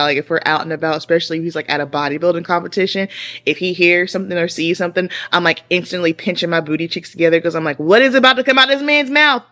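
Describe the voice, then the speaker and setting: Sassy, animated woman vlogger in her thirties. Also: on the low side. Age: 30s. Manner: animated, sassy, slangy, rising to exasperated outbursts. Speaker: beauty vlogger. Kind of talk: casual chatty storytelling.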